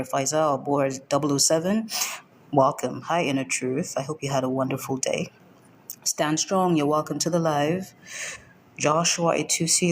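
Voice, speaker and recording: A woman's voice: deep voice, slight background noise. A woman from Nigeria hosting a livestream trading lesson. She welcomes viewers by name and is firm and direct, repeating her key points. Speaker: forex trading mentor.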